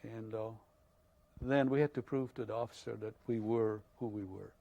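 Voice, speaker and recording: An older man, from Hungary, telling his life story in an oral history interview, halting and full of fillers. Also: fairly low pitch, fairly even intonation, creaky, dark tone, highs cut off.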